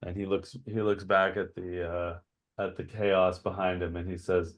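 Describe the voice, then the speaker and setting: A man narrating a tabletop role-playing game as game master, pausing often with fillers. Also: low-pitched, little pitch movement. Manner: halting, many fillers.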